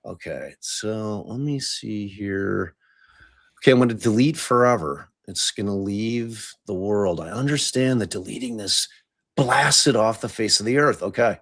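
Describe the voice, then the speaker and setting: A man's voice: lowish voice, a little slow, dry recording. A middle-aged man runs a casual live podcast stream. He jokes about his own clumsiness with technology and swears freely. His voice is close and dry. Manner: self-mocking, swears freely, fumbles with tech. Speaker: podcast host.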